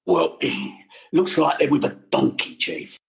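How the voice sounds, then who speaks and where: Jokey gravelly police sergeant, for radio comedy. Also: male voice, fairly high pitch, big pitch swings, slow pace, heavily acted. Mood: eager.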